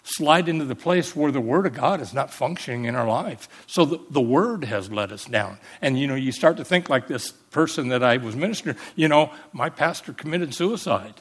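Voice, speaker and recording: A pastor preaching a sermon, emphatic, calling out for amens and slowing down to explain Bible words. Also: male voice, medium pitch, animated, slightly rough.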